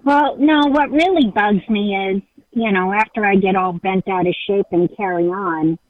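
A woman's voice: medium pitch, normal speed, dry recording. Frank woman calling in over dull line. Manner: laughing, frank, exasperated. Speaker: caller, caretaker of her mother. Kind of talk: phone call to advice show.

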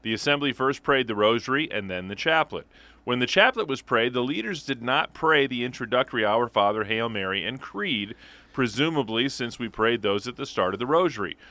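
Bright-voiced man reading listener mail. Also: medium pitch, dry recording. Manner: measured, steady reading. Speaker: radio co-host reading listener letters. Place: radio studio.

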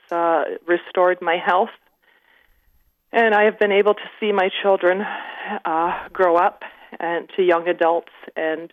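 A woman in her fifties calling in from Canada, telling her story with many pauses and fillers. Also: on the low side, poor audio. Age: 50s. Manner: halting, many fillers, emotional at times. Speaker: caller. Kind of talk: call-in testimony.

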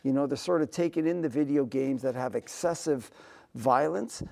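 A middle-aged man, a composer being interviewed, telling stories earnestly and sometimes dropping to a soft near-whisper for emphasis. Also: mid-range voice, normal speed, gravelly. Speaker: composer and musician guest. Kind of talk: conversational interview storytelling.

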